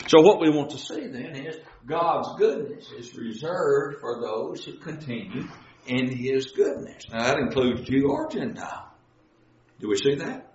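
A man teaching a folksy Bible sermon, explaining scripture with homespun everyday illustrations. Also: mid-range voice. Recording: roomy, dull lo-fi recording.

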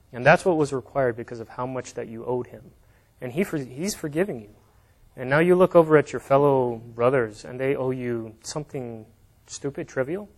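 Man giving a casual sermon. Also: mid-range voice. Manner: conversational, with fillers and plain examples. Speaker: preacher. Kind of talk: informal sermon with scripture reading.

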